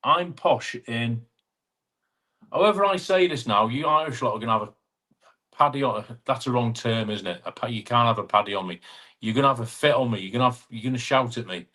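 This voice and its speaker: A man, hosting a casual live chat. His voice sits at an ordinary middle pitch while he greets viewers by name and teases them in friendly banter. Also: fast, sharp tone. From England (Chester). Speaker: live-stream host.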